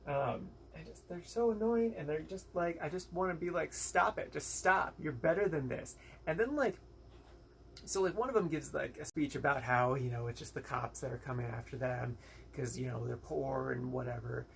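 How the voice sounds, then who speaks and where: Gravelly young man ranting casually. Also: mid-range voice, fairly even intonation, moderate pace, a little hiss or hum. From United States. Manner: rambling, frank, exasperated, with many fillers and quoted asides. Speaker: movie reviewer. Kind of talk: casual solo movie review.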